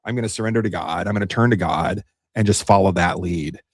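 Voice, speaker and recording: Low-voiced host guy, dry close sound, reflective and casual with lots of you-knows. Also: fast talker, breathy edge, no echo. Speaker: podcast host. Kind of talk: casual chat.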